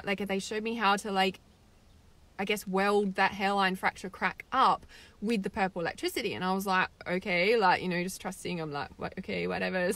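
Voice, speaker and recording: A woman's voice: mid-range voice, fairly bright tone. A young woman, hosting a spiritual livestream and chatting casually as she reads viewer comments, with lots of "like" and "right?". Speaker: spiritual meditation host reading live comments.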